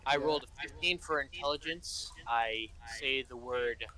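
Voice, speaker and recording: A man at a tabletop game announces rolls and actions emphatically. His voice is bright and forceful, and a faint hiss sits beneath it. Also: medium pitch, normal speed. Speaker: player.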